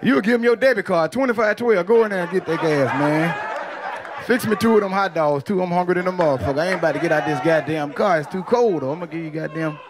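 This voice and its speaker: A man doing a profane stand-up comedy set, telling loose stories with quick character voices. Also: high-pitched, noisy background. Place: comedy club stage with audience. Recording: loud crowd laughter behind.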